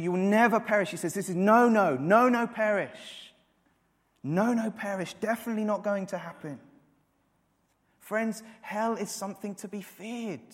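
A man in his thirties preaches a sermon in an earnest, building way, repeating key words as he rises to emphatic peaks. His voice sits a little high for a man. The sound carries the long reverb of a church hall.

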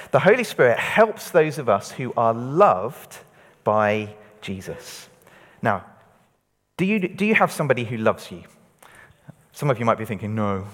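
A man's voice: mid-range voice, big-room sound. A man preaching an all-age church talk, getting children and adults to say words back to him. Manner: lively, interactive, leading call-and-response. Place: church hall.

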